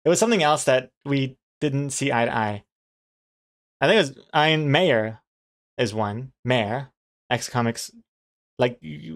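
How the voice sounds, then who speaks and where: A man streaming as a comic artist, chatting casually while drawing, musing aloud and answering chat with easy chuckles. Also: mid-range voice. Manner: chuckles easily, playful pronunciation teasing.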